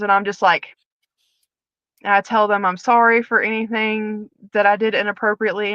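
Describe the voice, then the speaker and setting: A woman at a middle pitch tells her story candidly, acting out each exchange as she goes. The sound is dry and close, slightly dull and muffled. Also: no echo. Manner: animated retelling, acting out dialogue. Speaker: guest, former prison officer.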